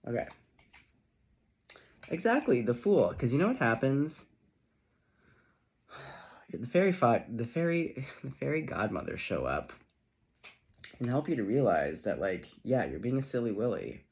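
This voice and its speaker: Animated middle-aged man reading tarot. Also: mid-range voice, moderate pace, pauses often. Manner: animated, chatty, laughing often, playful asides. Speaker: tarot reader. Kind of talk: casual tarot reading to camera.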